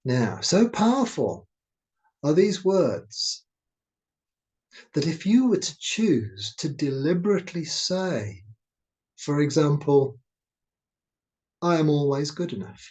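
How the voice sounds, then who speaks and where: A man guiding a meditation, speaking in a slow, gentle, soothing way. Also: a little high, very animated. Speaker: meditation teacher. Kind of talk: guided meditation talk.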